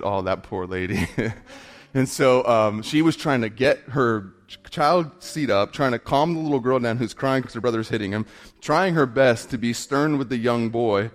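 A man preaching, mid-pitched and conversational. He tells stories with humor and drops to a hush for effect. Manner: storytelling with humor, quick shifts from loud to hushed. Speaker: pastor. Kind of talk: sermon.

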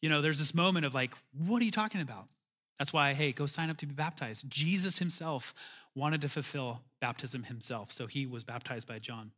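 A man's voice: mid-range voice, normal speed, pushed and bright. A man preaching a conversational sermon as pastor, calling for amens and building to emphatic bursts.

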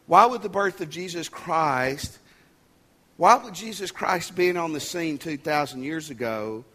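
A pastor preaches in a somewhat high-pitched male voice, talking to the congregation in a plain, conversational way. He leans hard on his key points and drops folksy asides and jokes between them. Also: a bit bright. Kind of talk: sermon.

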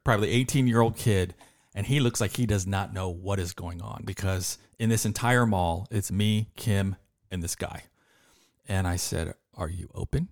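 A man's voice: low voice, gravelly, no echo, studio quality. A man hosting a podcast, telling a story in a casual way and acting out the voices of the people in it. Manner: lively storyteller who acts out quoted voices. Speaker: podcast host.

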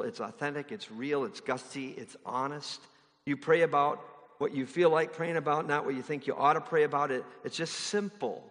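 A man's voice: medium pitch, fairly bright tone, in a large hall. A man preaching a sermon in a conversational way, now and then mimicking others in exaggerated voices. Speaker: pastor.

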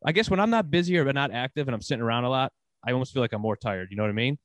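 A man's voice: medium pitch, no room sound. A man co-hosting a sports podcast in casual chat, getting fired up and ranting, laughing now and then. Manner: ranting, animated, quick to laugh. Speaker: podcast co-host.

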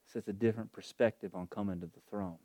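A male preacher with a fairly low voice delivers a fervent, heartfelt sermon. He stretches his phrases and lingers on them. The recording is dry and close. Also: fairly even intonation, mellow, no echo. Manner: fervent, emotional, drawn-out preaching.

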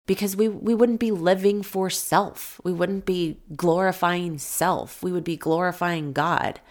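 A woman with a low voice and a gravelly edge speaks as a podcast host. She talks in an earnest, encouraging way, telling stories to motivate her listeners. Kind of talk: motivational podcast talk with a personal story.

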